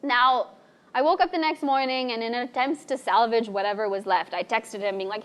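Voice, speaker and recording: A young woman spins a personal tale live before a bar crowd. Her voice sits a touch high, and she stays animated throughout. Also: moderate pace. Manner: lively, animated, acts out quoted voices. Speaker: storyteller. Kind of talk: live stage storytelling. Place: bar stage before an audience.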